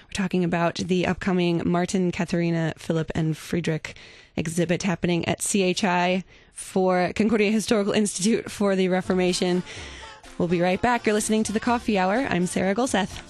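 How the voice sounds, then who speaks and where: A woman hosting a radio talk show from a studio, speaking in gentle, halting phrasing. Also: on the low side, steady tone, dry recording. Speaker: radio host.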